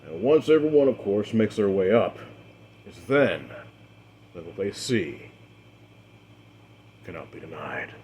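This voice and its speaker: A man acting as game master, narrating a tabletop role-play story in a measured, dramatic way with the odd filler. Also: low voice, lively intonation, darkish tone, husky.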